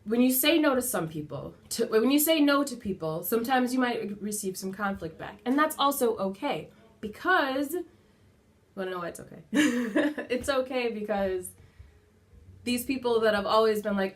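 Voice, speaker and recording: A chatty woman speaks to camera from her home, sharing candid advice as a mother. Her talk is loose and conversational, sprinkled with "like" and the occasional swear word. She sounds like a relaxed motivational vlog. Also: a little high, normal speed. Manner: chatty and candid, casual swearing, many fillers like "like". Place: at home indoors.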